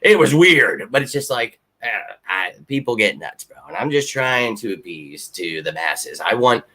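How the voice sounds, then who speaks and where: A man hosting a live fan Q&A stream, excitable and rambling, swearing freely as he answers viewers. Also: on the low side, measured pace. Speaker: fan channel host. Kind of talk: live Q&A chat.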